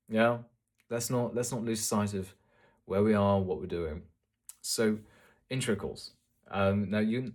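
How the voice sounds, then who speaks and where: A man's voice: on the low side, slightly rough. A young man giving casual advice in a talking-head video, chatty and joking, often restarting his sentences. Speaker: fitness business YouTuber.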